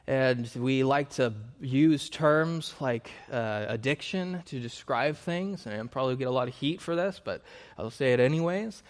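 Man, preacher, sermon, earnest and emphatic, repeats phrases, mid-pitched voice, reverberant hall. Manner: earnest, emphatic repetition with self-corrections.

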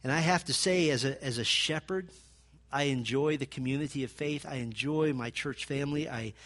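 A male pastor delivering an earnest sermon, slowing and pressing hard on the scripture he quotes. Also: medium pitch, fairly bright tone. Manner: earnest, emphatic, rises and slows on quoted scripture.

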